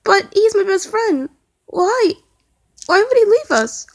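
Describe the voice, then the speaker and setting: A woman's voice: very high voice, very animated, takes it slowly, pitched above the performer's own voice, heavily acted. A woman voicing an anxious young man who babbles fretfully in a raised, worried voice. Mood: frantic.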